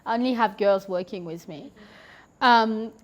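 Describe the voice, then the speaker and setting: A woman's voice: medium pitch, unhurried. A woman guest on a podcast, chatting casually and telling stories, with lots of "like" and "you know" and the odd laugh. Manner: chatty, heavy use of filler "like" and "you know". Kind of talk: casual conversational storytelling.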